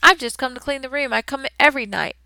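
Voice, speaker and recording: A woman voicing a jovial, booming male night janitor who talks in a loud, hearty, chatty way. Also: quick pace, gravelly, no room sound, heavily acted. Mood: jolly.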